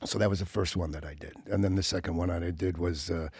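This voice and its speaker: A man with a gravelly, fry-laden voice tells rambling stories as a podcast guest, swearing freely and breaking into sound effects. He restarts his sentences often and keeps a loose, casual chat going. The studio mic is close and dry, with headphones on. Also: sits low, fairly even intonation, fast, darkish tone, no echo.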